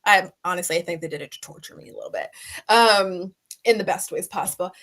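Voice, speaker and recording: A woman guest in an interview, talking in an animated, expressive way and laughing easily. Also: medium pitch. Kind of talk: interview conversation.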